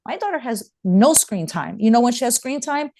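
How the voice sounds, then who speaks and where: Earnest woman guest, a mother, pressing the point again and again, slightly high pitch. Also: animated, a little fast, a little mellow, slight background noise. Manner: emphatic, urgent, repeats points. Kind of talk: interview conversation.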